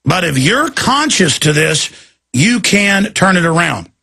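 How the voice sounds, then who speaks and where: Gravelly, forceful ranting male radio host. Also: high voice, very animated, unhurried. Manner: agitated, ranting. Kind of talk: talk-radio monologue.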